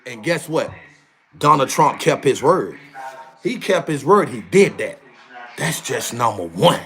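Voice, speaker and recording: A man streaming live launches into a casual rant, heated and emphatic, repeating the same phrases over and over. His mid-range voice is very animated and a little bright, though his pace stays measured.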